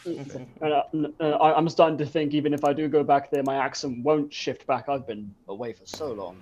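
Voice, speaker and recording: A man taking part as a player in a tabletop game, talking in a halting way and repeating words. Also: on the high side, steady tone, a little mellow, slight background noise.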